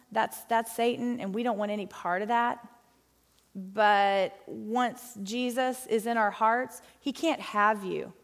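A middle-aged woman teaching a Bible study in a chatty, folksy, animated way. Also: mid-range voice, big-room sound.

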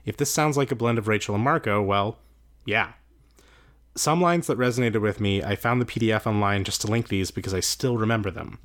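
A man's voice: on the low side, fairly quick, a bit bright. Wry, joking podcast man. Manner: wry, joking, swears casually. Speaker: podcast co-host. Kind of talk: casual chat and reading listener mail.

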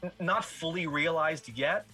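A man's voice: a little high, unhurried, bright, forceful tone, soft background music. A man talking enthusiastically on a podcast panel, acting out quotes and laughing often. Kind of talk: casual film discussion.

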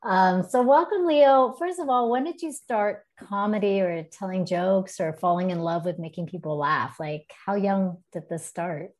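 A woman's voice: mid-range voice, normal speed, few pauses, darkish tone. Woman hosting an interview. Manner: friendly, laughs along. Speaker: host. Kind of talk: interview host.

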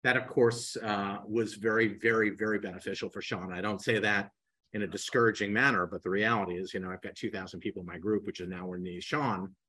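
An older man in his sixties spins stories as a podcast guest, jumping into the voices of the people he quotes. His voice is husky and breathy yet bright and forceful, sitting a little low. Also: fast talker, low-quality recording. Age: 60s. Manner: animated storyteller acting out quoted dialogue. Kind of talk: storytelling in a podcast interview.

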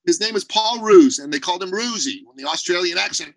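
A man as a podcast guest on a video call, talking in an emphatic, blunt way and telling animated stories. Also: high voice, fairly quick, dry recording, poor audio. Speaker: podcast guest, business owner. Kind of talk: energetic interview talk.

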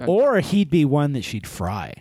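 A man co-hosting a casual podcast chat, excitable and profane, rambling through his points. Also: fairly high pitch, measured pace, breathy edge. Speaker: podcast co-host.

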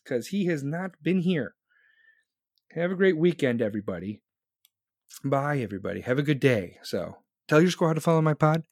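This podcast host's voice is on the high side and a little mellow, recorded dry at studio quality. A man in his forties, he reads chat on a live show while ranting bluntly and angrily, swearing a lot.

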